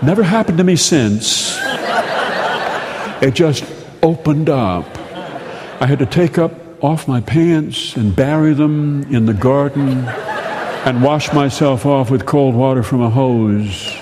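A man telling a humorous story as host, with a dry, unhurried, deadpan delivery. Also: mid-range voice, big-room sound, noisy background.

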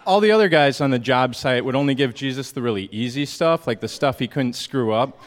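A man performing a comic monologue on stage at a story slam, mock-sincere and wistful, with a deadpan delivery. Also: medium pitch, fairly quick, slight background noise.

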